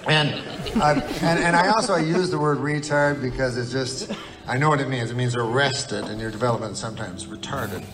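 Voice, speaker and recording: A man telling a long, meandering joke in a dry, deadpan way. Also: mid-range voice, normal speed. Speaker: comedian. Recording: music playing underneath. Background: music.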